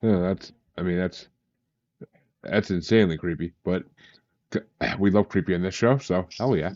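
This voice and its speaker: Low-voiced guy hosting a podcast, laid back, stop-start, dull dry audio. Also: dry recording. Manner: relaxed, swears casually, halting restarts. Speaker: podcast host. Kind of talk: casual interview. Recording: dull lo-fi sound.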